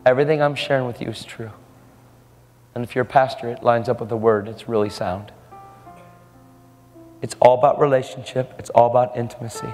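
A man's voice: medium pitch, fairly even intonation, fairly quick, long pauses, a little mellow. A man preaching a storytelling sermon in an earnest, casual way, often repeating his words. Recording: echoey hall with faint music.

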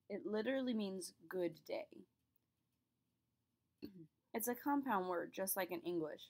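A young woman teaches a class in a clear, patient voice. She explains each point step by step and speaks the examples aloud for her students. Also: mid-range voice, moderate pace, a little mellow. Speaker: French teacher. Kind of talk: classroom lesson.

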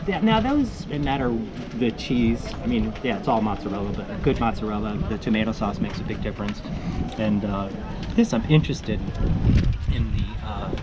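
A man's voice: lowish voice, animated, normal speed. A man from New York hosting a casual food review, chatty and rambling with many fillers. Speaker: host. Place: pizza restaurant in a city. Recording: noisy city background.

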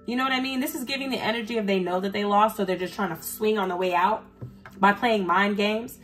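A woman's voice: medium pitch, brisk, fairly bright tone. A woman giving a casual tarot reading, talking bluntly and profanely straight to her viewers and getting heated as she goes. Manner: gets heated and emphatic. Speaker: tarot reader. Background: faint background music.

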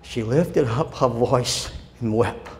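Male pastor preaching a sermon. He is fervent and swings between loud and soft, and it is recorded in a church with a long echo and faint noise. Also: mid-range voice, slow pace. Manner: impassioned preaching that swings from loud declarations to quiet storytelling. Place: church sanctuary.

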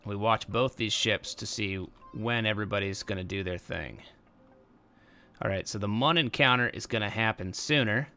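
A young man commentating a game he is playing, his voice very bright and smooth. He talks casually and gets excitable, breaking into loud exclamations, with faint game music underneath. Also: fairly low pitch, normal speed. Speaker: gameplay commentator. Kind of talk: casual let's-play commentary.

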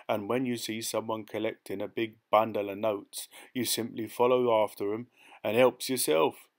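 A man's voice: on the low side, natural voice. A man reads out a sly, boastful pickpocket, full of cocky street talk. He brags about his trade with a pleased grin in his voice, as in a storybook reading. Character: sly, boastful male pickpocket hitch-hiker.

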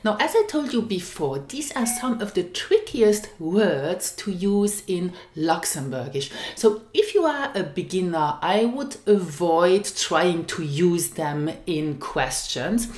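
A woman teaching a language lesson, speaking slowly and carefully and repeating each example phrase. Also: lowish voice, animated, a little mellow, roomy sound.

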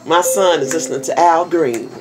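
Low-voiced grandmother chatting to viewers. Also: normal speed, over music. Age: older. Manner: folksy, salty, talks straight to viewers with endearments. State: tired. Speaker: vlogger. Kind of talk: casual vlog chat. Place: home office.

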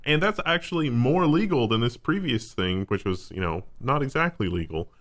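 A man's voice: mid-range voice, expressive, normal speed, fairly bright tone. A man co-hosting a tech news show, casually reading headlines and adding dry, wry remarks.

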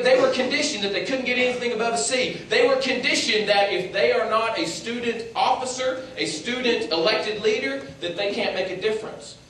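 An energetic male motivational speaker giving a keynote with stories and pulling the crowd in, in a large hall full of people. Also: very high voice, slight background noise. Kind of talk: keynote speech with storytelling. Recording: echoey hall, distant mic.

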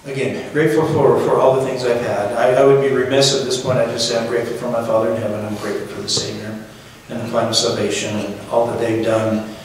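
A middle-aged man giving his father's eulogy at a funeral, speaking in a halting, reflective way with gentle humor. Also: medium pitch, little pitch movement. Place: funeral chapel. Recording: very echoey hall from far off, faint noise.

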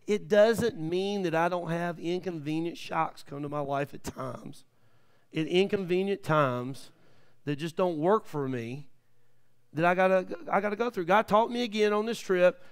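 A man in his fifties preaching a live church sermon, telling stories in a folksy way with many amens. He swings from quiet asides to shouted peaks. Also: sits high, moderate pace, clean tone. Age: 50s. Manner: folksy, with frequent amens and praise the lord.

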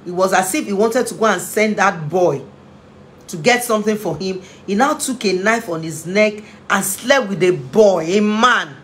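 At normal speed, a woman with a mid-range voice and lively intonation delivers an impassioned talk on parenting. As a family therapist and inspirational speaker she sounds earnest, emotional, and pleading, frequently repeating phrases for emphasis. A slight hiss or hum runs underneath.

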